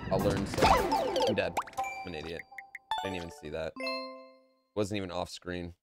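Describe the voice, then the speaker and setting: A man streaming a game from a room at home, chatting in a playful way that swings between low muttering and loud calls. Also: huge pitch swings, normal speed, over loud music. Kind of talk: live gameplay commentary.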